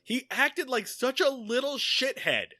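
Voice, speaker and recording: Podcast co-host: bright, slightly high male voice, rambling, animated, profane storyteller, dry close mic. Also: measured pace, dry recording. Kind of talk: casual chat.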